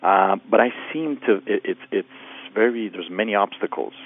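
A man's voice: lowish voice, moderate pace, no room sound. A man calling in to a radio show, asking his question hesitantly and with many restarts. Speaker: caller. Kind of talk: phone-in question. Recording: tinny phone line.

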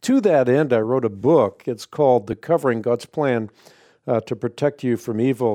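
A man hosting a call-in radio show, explaining scripture to callers in a measured, authoritative way. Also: mid-range voice, animated, dark tone, no room sound, clean studio sound. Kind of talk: call-in Bible answer radio.

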